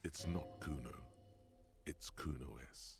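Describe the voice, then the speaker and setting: Grim gravelly game narrator, super deep, rough and husky, slow and grave. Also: male voice, heavily acted. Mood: ominous. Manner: grave, measured. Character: brooding adult male inner-voice narrator.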